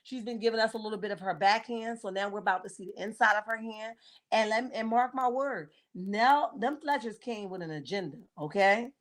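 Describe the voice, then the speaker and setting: A woman in her forties hosts a solo livestream, speaking close to her mic at a medium pitch. Her delivery is blunt and sassy. She keeps tagging her points with "okay?" and greets viewers as they drop in. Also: a little fast. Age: 40s. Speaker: livestream host. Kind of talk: casual live-chat commentary on reality TV.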